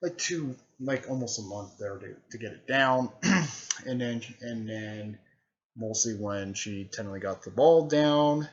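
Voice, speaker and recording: A man giving a casual, rambling recap full of filler words, often clearing his throat. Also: medium pitch, expressive, measured pace. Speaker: host recapping a fan series. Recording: dull lo-fi recording.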